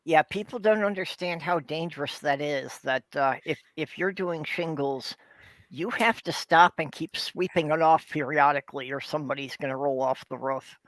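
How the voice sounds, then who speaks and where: A man joins a casual chat with blunt remarks and some swearing. His voice sits a little higher than usual. The recording is dry and close. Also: moderate pace, fairly bright tone, no room sound. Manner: blunt, profane asides.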